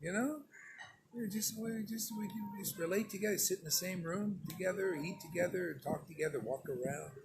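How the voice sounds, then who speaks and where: A man's voice: high-pitched, moderate pace, creaky, background noise. A man giving an informal sermon to his disciples as their spiritual teacher, emphatic and stern, talking in a conversational way and often asking "see?".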